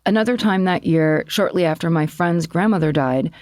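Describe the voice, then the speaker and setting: Woman cohost reading an email, lowish voice, dry close sound, chatty asides. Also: moderate pace, darkish tone, no room sound. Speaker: podcast co-host. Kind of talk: casual podcast chat, reading a listener email.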